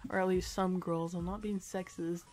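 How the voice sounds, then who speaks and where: Rambling teenage boy, halting story. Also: high-pitched, flat delivery, music in the background. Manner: rambling, halting, lots of fillers. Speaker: vlogger. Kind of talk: casual storytelling to camera.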